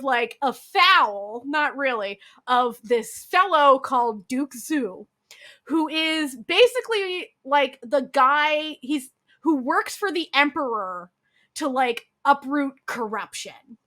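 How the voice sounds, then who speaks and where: A woman's voice: sits high, slow. A woman co-hosting a podcast, telling a drama's plot in casual chat, acting out the characters' lines and swearing. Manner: animated storyteller acting out quotes, swears, many "like"s. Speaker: podcast co-host.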